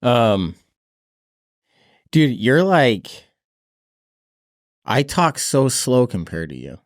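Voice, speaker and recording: A man's voice: medium pitch, very animated, extremely slow, dry recording, studio quality. A man hosting a podcast, chatting in a laid-back way and laughing often. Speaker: podcast host. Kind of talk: casual chat.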